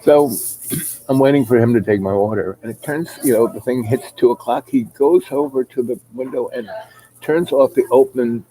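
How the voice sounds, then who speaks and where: A man's voice: medium pitch, moderate pace, warm tone, a little hiss or hum, low-quality recording. A middle-aged man telling a long personal anecdote in a rambling, casual way, full of fillers and asides. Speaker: storyteller.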